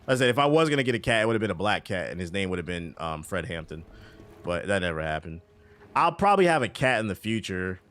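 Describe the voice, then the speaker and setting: Male streamer, casual and profane chatter over gameplay, very lively pitch. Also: fast talker. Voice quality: profane, loose and animated. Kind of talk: casual chat while gaming on stream.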